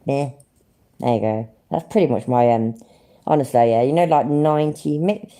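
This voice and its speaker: A woman's voice: very deep voice, moderate pace, mellow. A British woman hosting a livestream, reacting to clips with sarcastic, sweary ranting. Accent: British English. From Britain. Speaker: livestream host. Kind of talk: live commentary reacting to clips.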